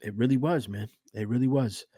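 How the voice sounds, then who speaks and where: A man's voice: mid-range voice, fairly quick, dark tone, no room sound, studio quality. Laid-back New guy swearing casually. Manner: profane, laid-back storyteller. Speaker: podcast co-host. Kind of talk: casual podcast chat.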